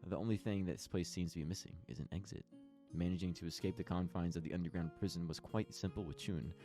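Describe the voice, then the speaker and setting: A man's voice: low voice, steady tone, fast talker, dark tone, soft background music. A man narrating as game master, setting scenes with frequent fillers and restarts.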